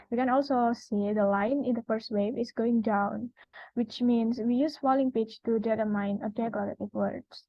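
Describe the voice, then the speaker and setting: Young Indonesian woman presenting, slightly high voice. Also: steady tone, normal speed, dry recording. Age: young adult. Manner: explains step by step with frequent uh fillers. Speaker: student presenter. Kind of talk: class presentation. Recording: dry, dull lo-fi recording.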